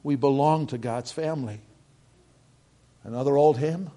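A middle-aged male pastor preaching a sermon, emphatic, swinging between loud bursts and quiet asides, repeating phrases for stress. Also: mid-range voice, measured pace, long pauses. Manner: repeats phrases for stress, quotes scripture and hymns.

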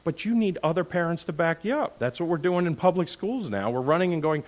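A man's voice: on the high side, lively intonation, a little fast, few pauses, a little mellow. Emphatic man leading a church discussion. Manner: emphatic, questioning the group with "all right?" and "okay?". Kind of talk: animated teaching talk to a group.

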